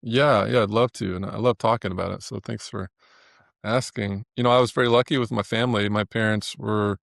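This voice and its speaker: Gravelly low-voiced man, earnest and halting. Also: no room sound, studio quality. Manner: earnest, halting with many restarts. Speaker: guest, animator. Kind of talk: reflective interview talk.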